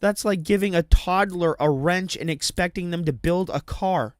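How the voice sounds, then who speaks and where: On a casual commentary stream, a man rants about movies and swears freely. His voice sits high, clear and resonant, at a moderate pace, and the studio sound is clean with no room noise.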